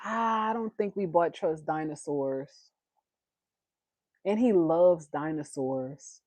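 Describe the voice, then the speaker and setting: A woman's voice: sits low, slow, a little mellow, no echo. A woman, chatting casually on a livestream, laughing often and reading viewer comments aloud. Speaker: livestream host.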